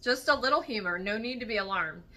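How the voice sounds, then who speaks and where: Awkward, eager young man in a read-aloud novel, a woman reading him, nervous and rambling, bright tone. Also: fairly high pitch, expressive, quick pace. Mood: flustered.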